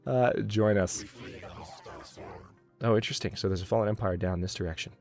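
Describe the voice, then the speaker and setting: A man's voice: lowish voice, animated, normal speed, soft background music. A man hosting a gameplay video, commenting as he plays and growing exasperated, talking to himself. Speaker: let's play host.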